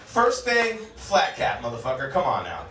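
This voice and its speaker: A man's voice: medium pitch, wildly swooping pitch, normal speed, a bit bright. A man in his forties from California doing a crude, profane stand-up set, often laughing at his own jokes. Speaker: stand-up comedian. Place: comedy club stage. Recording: roomy club sound, mic far off.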